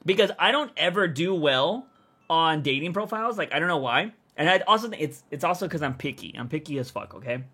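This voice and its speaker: Blunt swearing man with bright hoarse voice. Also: a little high, animated, a little fast. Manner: blunt, swears freely, rambling. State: voice feels raspy. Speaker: content creator streamer. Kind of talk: casual livestream chat answering viewers.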